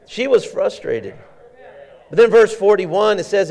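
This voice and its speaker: A man preaching a sermon in an animated, conversational way, often repeating words as he goes. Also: sits high, a little slow, creaky.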